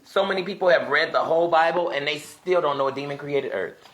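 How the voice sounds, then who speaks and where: A man gives a casual home teaching session, thinking aloud and rambling, and he turns emphatic as he goes. His voice is bright and forward. The room around him is echoey. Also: on the high side, a little fast, faint music behind. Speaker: self-styled religious teacher. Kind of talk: casual video teaching while browsing apps.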